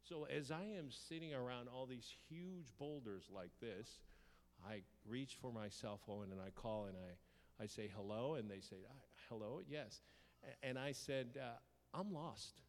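A man preaching, telling a story from his own life in a lively way, acting out his shouts and the lines of dialogue. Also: medium pitch, moderate pace. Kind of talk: storytelling sermon. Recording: long hall reverb.

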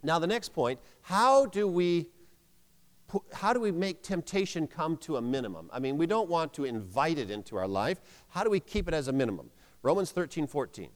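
Man, preacher, sermon, emphatic, high voice, long hall reverb. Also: expressive, normal speed. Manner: emphatic, has congregation repeat phrases aloud.

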